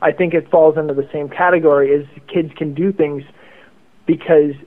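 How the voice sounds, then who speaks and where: A man's voice: fairly high pitch, steady tone, normal speed. A man telling a story as a guest over the phone, rambling and repeating words. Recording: tinny phone line.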